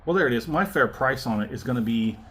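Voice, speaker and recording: A man with a mid-pitched voice hosts his own whiskey review in a casual, talkative way. He sounds animated and often breaks into laughter between thoughts. Faint ambient noise sits behind him. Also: quick pace. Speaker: whiskey reviewer and channel host.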